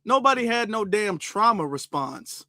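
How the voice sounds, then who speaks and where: A man's voice: high voice, very animated, moderate pace, pushed and bright, no room sound, studio quality. A man giving casual, emphatic reaction commentary on a clip, talking straight to his viewers.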